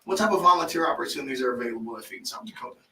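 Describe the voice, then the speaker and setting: Gravelly-voiced man hosting in an echoey room. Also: medium pitch, racing. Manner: animated, frequent affirming "mm-hmm", restarts when excited. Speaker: podcast host and life coach. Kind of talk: casual interview chat. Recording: echoey room, mic at a distance.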